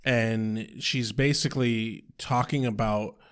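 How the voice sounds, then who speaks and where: A man's voice: mid-range voice, steady tone, slow, clean tone. A man co-hosting a casual podcast, loose and profane while recapping scenes. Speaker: podcast co-host. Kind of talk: casual chat.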